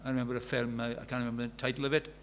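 A man's voice: medium pitch, flat delivery, rapid-fire, slight background noise. A man in his sixties preaching a sermon in an earnest way, telling stories and building to fervent emphasis. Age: 60s. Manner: earnest, rising to fervent emphasis, storytelling asides.

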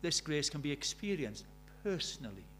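A man preaching a sermon, animated, shifting from loud emphatic lines to quiet asides. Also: a little high, moderate pace, a little hiss or hum.

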